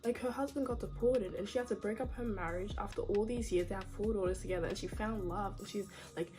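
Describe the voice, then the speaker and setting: A woman's voice: mid-range voice, fast talker. Chatty opinionated woman with music behind. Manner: chatty, opinionated, says "like, girl" often. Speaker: reality TV commentator. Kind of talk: casual vlog commentary.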